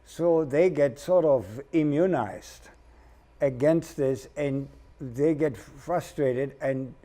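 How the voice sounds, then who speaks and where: A man talking as a guest on a discussion show, measured and hesitant, often repeating small words. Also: on the high side, dark tone.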